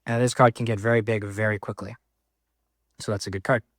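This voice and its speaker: A man casually walking through a card game deck, reading card text aloud with quick offhand comments. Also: lowish voice, little pitch movement, dry recording, studio quality.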